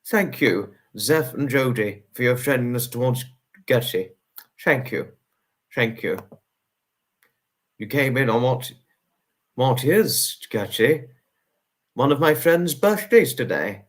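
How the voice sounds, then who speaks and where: A man's voice: mid-range voice, animated, slow, pauses often. A man hosting a live stream, greeting viewers one by one and thanking them at length, repeating himself and drawing out names. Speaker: livestream host.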